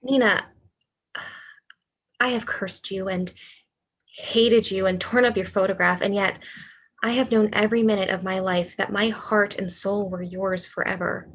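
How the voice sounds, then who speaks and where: Woman reading a husky, lovesick young male writer. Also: medium pitch, fairly even intonation, unhurried, pauses often. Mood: pleading. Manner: pleading, earnest delivery. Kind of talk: cold reading over video call. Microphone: computer mic on a video call.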